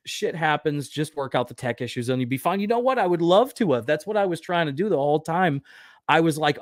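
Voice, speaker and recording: A man's voice: fairly high pitch, expressive, a little fast, dry recording, clean studio sound. A man hosting his own livestream aftershow, chatting casually, swearing often and poking fun at himself while reading viewer comments. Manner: profane, self-deprecating, rambling; reads viewer comments aloud. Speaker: livestream host. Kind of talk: casual solo livestream chat.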